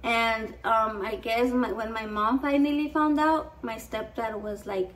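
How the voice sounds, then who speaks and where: A woman's voice: fairly high pitch, fairly even intonation, unhurried, distant mic, low-quality recording. A young woman telling a rambling, profane story in a casual vlog, slipping into Spanish. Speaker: vlogger.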